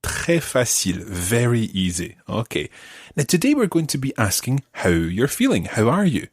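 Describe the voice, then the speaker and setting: Middle-aged guy teaching a language lesson, really animated up and down, patient, dry sound. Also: mid-range voice, breathy edge, no room sound. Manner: patient, explains slowly and models pronunciation. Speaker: language teacher and podcast host. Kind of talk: friendly guided language lesson.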